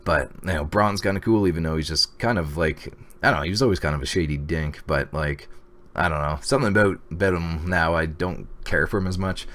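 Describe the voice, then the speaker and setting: A man casually recapping a TV episode, rambling with fillers and excited reactions. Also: sits low, fairly quick. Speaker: TV episode reviewer. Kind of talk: casual video review.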